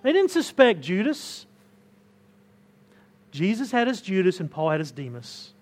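A pastor preaches a conversational sermon to his congregation in a church hall, his voice high-pitched and sing-song, a little slow and a little mellow. He often restarts words and presses his points with rising emphasis.

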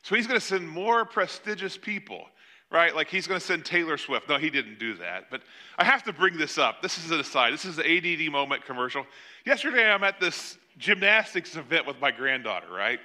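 A man's voice: on the high side, big pitch swings, fairly quick, pushed and bright. An older man preaching a sermon, retelling a scripture story in a conversational way with joking asides. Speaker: pastor.

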